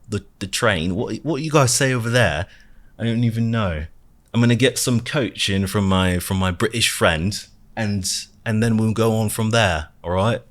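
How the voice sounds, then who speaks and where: A man playfully hamming up an exaggerated, excited mock British-style accent for fun. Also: low-pitched, heavily acted.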